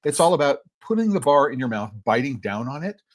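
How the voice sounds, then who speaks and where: A man's voice: medium pitch, sing-song, brisk. A man hosting a podcast tasting, talking loosely and often ending thoughts with "right?" as he chews. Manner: rambling, frequent "right?" tag questions; talks while chewing chocolate. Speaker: podcast host and chocolate educator. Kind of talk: conversational tasting commentary.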